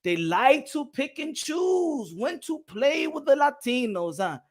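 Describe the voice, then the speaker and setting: A man with a high voice is ranting as he hosts a boxing livestream. He is fiery and loud, and he keeps switching between Spanish and English, hammering the same phrases again and again. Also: big pitch swings, a little slow. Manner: repeats himself for emphasis. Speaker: boxing channel host. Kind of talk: livestream rant commentary.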